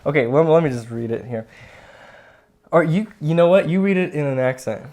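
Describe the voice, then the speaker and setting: This man's voice is on the high side yet a bit dark, with lively intonation and a fairly quick pace. He co-hosts a casual drawing lesson, explaining step by step as he shows the technique.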